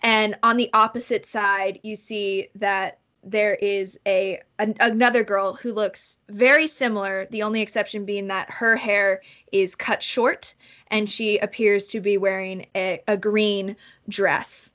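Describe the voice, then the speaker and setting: A woman's voice: medium pitch, fairly even intonation, measured pace, fairly bright tone. A woman narrating as game master of a tabletop game, descriptive and hesitant, with many fillers.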